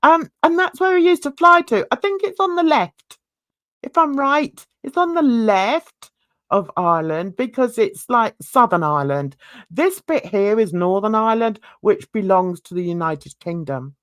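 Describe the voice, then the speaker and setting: A woman's voice: fairly high pitch, animated, a little slow, fairly bright tone, no echo, studio quality. A woman talking casually to her viewers in a chatty, rambling way, full of asides and questions to her audience. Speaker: YouTube commentator. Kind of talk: casual chat to camera.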